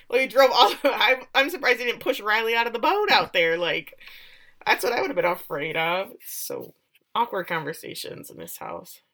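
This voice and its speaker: A woman co-hosting a podcast, recapping episodes in animated casual chat, often laughing and acting out lines. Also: on the high side, moderate pace. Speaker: podcast co-host.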